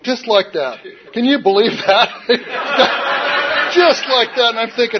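A man's voice: very high-pitched, slow, a loud crowd, very noisy. A man telling a personal recovery story in a wry, self-mocking, rambling way, often saying "you know". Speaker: recovery speaker. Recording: dull lo-fi recording.

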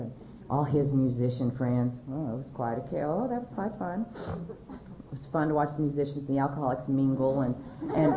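Recovery testimony from a middle-aged California woman addressing a crowd, loose and conversational, with frequent fillers and restarts. It was captured in an echoey hall, sounding dull and lo-fi over a faint rumble.

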